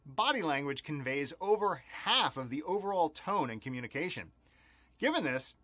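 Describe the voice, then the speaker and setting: Bright, lively male instructor. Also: on the high side, no room sound. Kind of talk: scripted training lesson.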